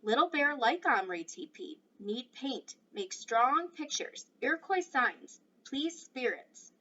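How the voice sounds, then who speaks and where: A proud, stern tiny warrior man, put on by a woman reading a storybook aloud speaks in loud, clipped broken phrases. The voice sits high and bright. It comes from some way off the mic, dull and lo-fi with a faint hiss behind. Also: lively intonation, takes it slowly, distant mic, exaggerated voice.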